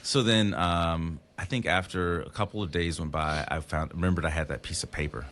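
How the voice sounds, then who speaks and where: A very low-voiced man chats casually as a podcast guest. He tells his story with energy and jumps into high, lively voices when he quotes people. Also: brisk, slight background noise. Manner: animated storyteller acting out voices of others.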